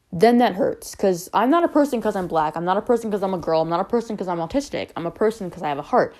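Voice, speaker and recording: A woman's voice: medium pitch, animated, fast talker, few pauses, dark tone. A young woman talking to camera about personal matters, rambling, unscripted and candid, with frequent fillers. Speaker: vlogger.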